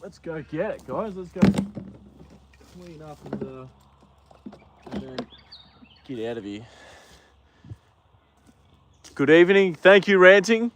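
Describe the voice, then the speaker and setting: A man with an Australian accent, livestreaming from a paddock on his phone, chatting casually with viewers and talking gently to the horses. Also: fairly high pitch, expressive, unhurried, long pauses, a little hiss or hum. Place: outdoor paddock.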